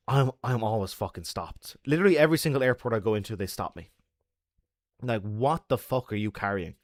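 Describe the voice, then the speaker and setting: A young man who makes videos, chatting on a livestream and telling stories in an animated way, laughing often and swearing. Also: mid-range voice, no echo, clean studio sound. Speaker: YouTuber. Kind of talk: casual livestream chat and storytelling.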